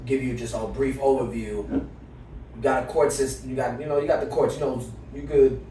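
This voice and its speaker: A man's voice: mid-range voice, fairly even intonation, moderate pace, dark tone, far from the mic. A man co-hosts a podcast, telling a story in loose, profane slang. He sits back from the microphone in a strongly echoing room. A faint hum of room noise sits underneath. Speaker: podcast co-host. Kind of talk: casual chat.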